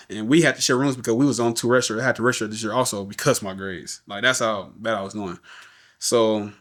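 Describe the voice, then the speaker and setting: A man's voice: medium pitch, fairly bright tone. Man telling his life story casually. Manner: casual, often repeats words and says "you know what I'm saying". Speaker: podcast guest. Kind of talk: candid personal storytelling.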